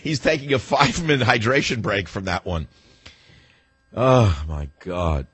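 An older man hosts a talk radio show with a rambling, sardonic delivery, his pitch swinging up and down as he acts out little voices in his head. The voice is husky and dry, with no room around it. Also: lively intonation, a little slow, fairly bright tone, no room sound. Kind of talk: talk radio monologue and calls.

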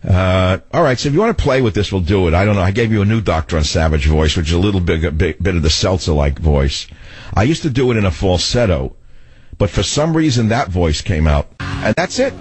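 A man's voice: deep voice, lively intonation, fairly quick, darkish tone, slightly rough, no room sound. An older man hosting a radio talk show, telling rambling stories in a sardonic tone.

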